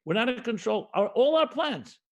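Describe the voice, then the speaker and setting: A middle-aged man from the United States, a rabbi giving a livestreamed sermon, who repeats key phrases and slows down to stress them. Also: very high voice, big pitch swings. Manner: emphatic, repetitive cadence, mixes Hebrew and Yiddish terms.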